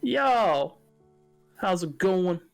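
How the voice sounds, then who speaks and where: A man's voice: high-pitched, expressive, extremely slow, vocal fry, faint music behind. A young man, co-hosting a casual livestream podcast, chatty, giggly and open about his feelings. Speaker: podcast co-host.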